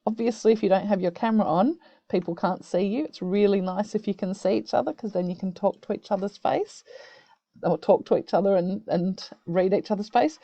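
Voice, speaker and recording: A woman who teaches young students, explaining a video-call tool step by step in a gentle, encouraging way. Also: mid-range voice, fairly quick, no echo, highs cut off. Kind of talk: screen-recorded tutorial for children. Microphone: computer mic on a video call.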